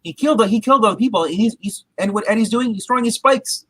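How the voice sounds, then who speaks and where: A man's voice: sits high, fast talker, pushed and bright, husky, dry recording, poor audio. A man reviewing a movie in casual chat, rambling with frequent restarts and fillers.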